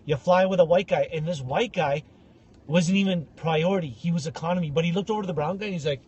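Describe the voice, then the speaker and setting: A man co-hosting a podcast, telling comic stories in an animated way and acting out other people's voices. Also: on the high side, fast, highs cut off. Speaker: podcast co-host. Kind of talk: casual comedic storytelling.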